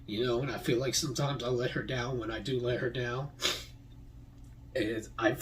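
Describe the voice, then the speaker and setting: A young man thanking the people who shaped him, talking in a halting, heartfelt way with many repeated words and fillers. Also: medium pitch, steady tone, distant mic, a little hiss or hum, low-quality recording. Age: young adult. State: tearful, voice breaking. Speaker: graduating high school student. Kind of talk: heartfelt personal thank-you.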